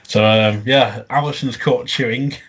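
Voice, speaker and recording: A man with a husky, slightly raspy voice talks in an easy, chatty way, breaking into laughs as he recaps scenes. His pitch sits in an ordinary middle range, and the recording sounds dull and lo-fi. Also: fairly even intonation, measured pace, fairly bright tone. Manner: chatty, laughing often, quoting lines in funny voices. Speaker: podcast co-host reviewing a comedy episode. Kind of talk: casual recap chat.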